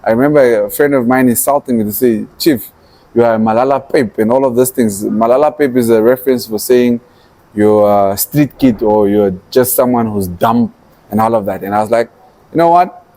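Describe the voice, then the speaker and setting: Speaking a little fast in a warm, mid-range voice with fairly even intonation, this Namibian entrepreneur and activist is a guest on a podcast interview. He recounts his story animatedly, acting out his own past thoughts as quotes.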